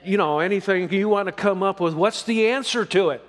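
A man's voice: high-pitched, a little fast, big-room sound. A man preaching a sermon as pastor, folksy and emphatic, drawing out the verses he reads.

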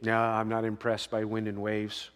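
A man's voice: fairly low pitch, completely flat delivery, normal speed, fairly bright tone, smooth. A male pastor preaching a sermon in a conversational way, with emphatic rises and frequent "right?" asides. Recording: long reverb of a large hall.

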